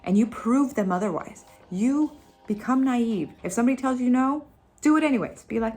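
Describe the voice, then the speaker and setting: A woman's voice: fairly high pitch, normal speed, faint music behind. A woman vlogger giving casual motivational advice, emphatic and repetitive, laughing at herself now and then. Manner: playful, laughs at her own impressions. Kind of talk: casual motivational talk to camera.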